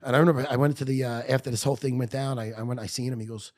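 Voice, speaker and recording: A man's voice: mid-range voice, rapid-fire, few pauses, dark tone. A middle-aged man, telling a blunt, profane story as a guest in a podcast studio. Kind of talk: storytelling in conversation.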